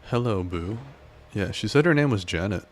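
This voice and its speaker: A man casually commenting on his gameplay and chatting with his viewers in a relaxed way. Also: fairly low pitch, normal speed. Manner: relaxed, chatty, talks to chat. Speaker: game streamer.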